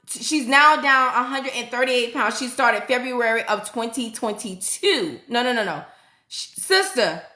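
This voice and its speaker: A middle-aged woman nurse hosting a casual livestream, excitedly reading viewers' comments aloud and hyping them up. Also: high voice, reverberant. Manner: excitable, hypes viewers up, frequent "y'all".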